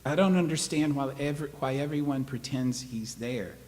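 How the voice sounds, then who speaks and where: A man's voice: medium pitch, normal speed, darkish tone, pitched above the performer's own voice, lightly acted. A man reading aloud as an anxious, stubborn, precocious young boy who argues insistently, recorded in an echoey hall. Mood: defiant. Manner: insistent and argumentative. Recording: echoey hall, faint noise.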